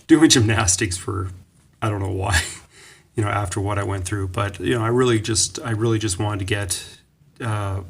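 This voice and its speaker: A man in his forties from Canada tells a rambling motivational story in a casual vlog. His voice sits a little low. He often corrects himself and slips into the voices of the people he quotes. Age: 40s. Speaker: vlogger.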